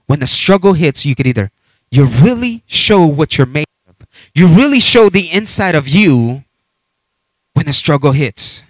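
A man preaching a sermon with animated storytelling, acting out voices and scenes as he talks. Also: a little high, measured pace, no room sound.

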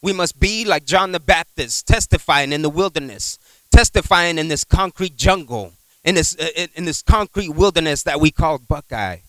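Male preacher, storytelling sermon; swooping, lively pitch, conversational, calls for amen. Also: moderate pace, dry recording, poor audio. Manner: animated, acts out voices in his stories; conversational, repeats words, asks amen.

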